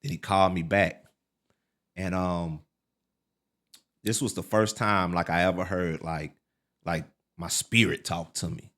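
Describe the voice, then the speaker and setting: A middle-aged man, a podcast guest, telling his life story in a casual, animated way, full of fillers like "man" and "like". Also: measured pace, long pauses. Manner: relives quotes with sharp pitch leaps.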